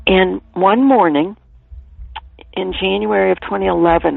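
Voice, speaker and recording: A woman guest on a radio interview, her low voice gravelly and a little husky. She tells her stories with animation and drops into a soft whisper at times. The sound is tinny and dry, as if coming in over a phone line. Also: fairly even intonation, measured pace, no room sound. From Ireland. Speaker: author and guest.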